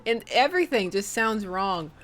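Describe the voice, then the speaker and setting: A woman's voice: mid-range voice, animated, normal speed, a bit bright. A young woman streaming a dating game, reading it aloud and chatting playfully with her viewers, laughing often.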